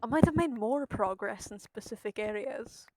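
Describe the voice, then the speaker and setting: A woman streams a game, chatting casually with her viewers while she plays and swearing freely. Her voice is on the high side at a moderate pace, with a little hiss or hum in the audio.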